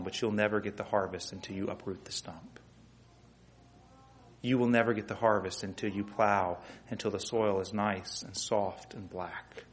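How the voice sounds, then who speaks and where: Fervent preacher. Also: male voice, fairly low pitch, slight background noise. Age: adult with children. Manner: fervent preaching, many rhetorical questions to the congregation. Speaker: pastor. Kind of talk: sermon.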